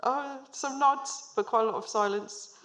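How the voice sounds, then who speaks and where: This woman's voice is high and fairly bright, moving at a measured pace. In her thirties and a managing director, she gives a storytelling business talk to a live audience on stage, drawing them in with questions and light humor.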